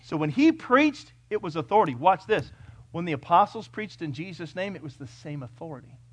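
This pastor's voice runs on the high side, expressive and a little fast, caught on a dry recording. Preaching to his congregation in church, he pushes hard with rhetorical questions, alternating loud proclamations with softer, hushed moments.

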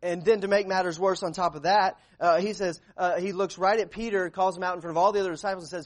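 A high-pitched man preaching to his congregation in an earnest, searching way. He stumbles and restarts often, filling pauses with "uh" as he works through the passage. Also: fairly even intonation. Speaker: pastor. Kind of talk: sermon.

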